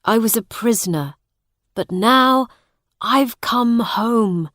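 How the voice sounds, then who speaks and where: A woman's voice: on the high side, takes it slowly, a bit bright, no room sound, studio quality. A woman voicing an urgent pleading soldier. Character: grown man, a pleading returned soldier.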